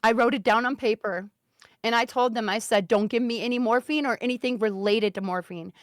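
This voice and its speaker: A woman guest telling a personal health story in casual talk, earnest and emphatic, sometimes turning soft and serious. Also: on the high side, fairly even intonation, brisk, dry recording, studio quality.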